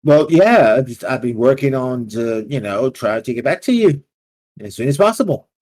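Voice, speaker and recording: A man's voice: lowish voice, big pitch swings, unhurried, breathy edge, exaggerated voice. A man voicing a nervous, evasive male debtor who stammers and babbles in a tabletop game. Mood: flustered.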